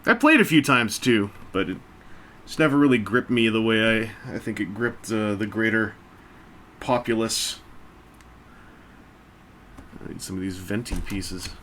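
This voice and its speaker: A man's voice: fairly low pitch, expressive, a little slow, pauses often, a bit bright, slight background noise. Rambling, jokey man building bricks. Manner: rambling, self-mocking, jokey asides. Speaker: toy-building video host. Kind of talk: casual chat while building a brick set. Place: indoors at a table.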